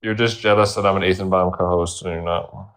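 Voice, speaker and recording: A man's voice: low voice, steady tone, brisk, fairly bright tone. A male caller in call-in banter, stumbling and repeating himself through a put-on American accent. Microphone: phone line.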